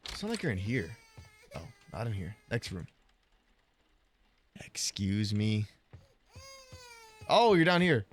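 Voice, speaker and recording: A man gives casual let's-play commentary. His voice is lively and swings widely in pitch, and he is quick to laugh. He coos at a game baby in a higher voice. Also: a little hiss or hum. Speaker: gaming YouTuber.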